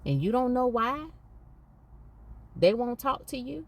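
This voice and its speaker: A woman's voice: a little high, big pitch swings, a little slow, darkish tone. A woman hosting a podcast, speaking candidly and emphatically and repeating points for stress. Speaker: podcast host.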